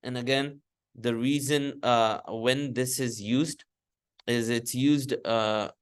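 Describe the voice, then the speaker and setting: A male teacher lectures on Arabic grammar to a class. His voice sits at a middle pitch, and he explains step by step, repeating key words and having the room recite after him. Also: fairly even intonation, takes it slowly, clean tone. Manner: patient, repeats terms and has students recite after him.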